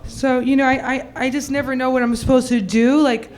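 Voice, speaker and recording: A young woman doing a stand-up comedy set, rambling in a ditzy, valley-girl way and acting out her friends in quick quotes. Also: sits high, little pitch movement.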